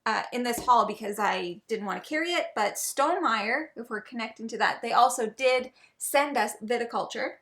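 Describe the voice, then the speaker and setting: A woman's voice: on the high side, normal speed, hardly any pauses, a bit bright. A woman co-hosting a casual board game haul, chatty and playful. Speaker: board game channel co-host.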